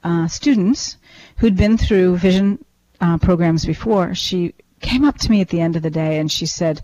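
A woman talking in a relaxed conversational way, reflecting thoughtfully as she shares ideas and anecdotes. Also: on the low side, normal speed, muffled recording. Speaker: podcast co-host and teacher. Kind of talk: casual chat.

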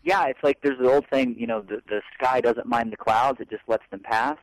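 A man's voice: mid-range voice, fairly even intonation, brisk, dry recording, rough recording. Earnest man musing on mindset, dry sound. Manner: earnest, rambling, acts out inner voices. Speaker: co-host. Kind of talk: casual self-help talk show.

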